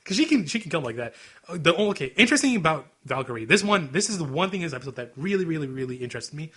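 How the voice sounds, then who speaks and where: Fast, bright-voiced young guy podcaster. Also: a little high, big pitch swings, husky. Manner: rapid, laughing, acts out anime dialogue in quick asides. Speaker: podcast co-host. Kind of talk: casual chat.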